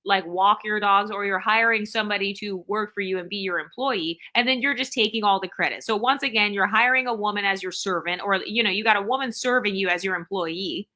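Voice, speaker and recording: Woman doing a sarcastic rant for her channel, sharp bright voice. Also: mid-range voice, brisk, few pauses. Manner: sarcastic, ranting. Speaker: channel host. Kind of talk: opinion monologue to camera.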